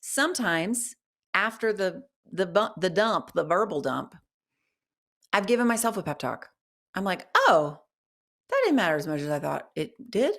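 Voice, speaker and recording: Chatty woman thinking out loud. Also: fairly low pitch, sing-song, moderate pace. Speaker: author and guest. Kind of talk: casual interview chat.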